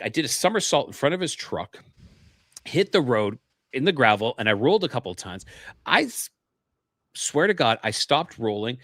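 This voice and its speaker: A man's voice: mid-range voice, fairly bright tone, no room sound, clean studio sound. A man guesting on a paranormal interview show, telling his experiences earnestly and often restarting his sentences. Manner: earnest, repeats words when starting sentences. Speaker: podcast guest.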